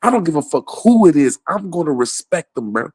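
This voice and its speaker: A man's voice: on the high side, big pitch swings, fairly quick, darkish tone, no room sound. A man ranting casually about politics, swearing a lot and laughing often between points. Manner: profane, rambling, laughs often.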